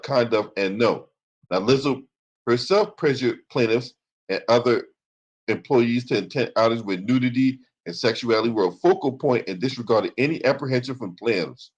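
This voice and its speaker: A man's voice: mid-range voice, poor audio. A man hosting a commentary channel, reading from a lawsuit and breaking into profane, sarcastic rants.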